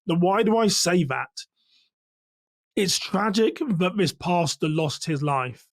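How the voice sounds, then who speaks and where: A man from England giving measured, instructive commentary on a church security case as a trainer. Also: high-pitched, animated, dry recording.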